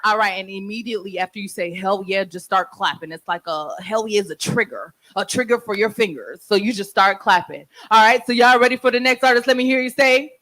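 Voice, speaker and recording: A woman's voice: medium pitch, a little fast, hardly any pauses, fairly bright tone, rough recording. A woman hosts a live open mic from a venue stage, speaking into a handheld mic. Her delivery is brash and playful, full of teasing and crowd-hyping. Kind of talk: live event hosting.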